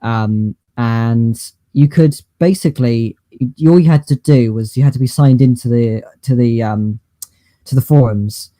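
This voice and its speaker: Man, podcast co-host, mellow dark tone, halting rambling delivery. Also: mid-range voice, no echo. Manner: rambling, halting, lots of fillers and restarts. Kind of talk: casual chat.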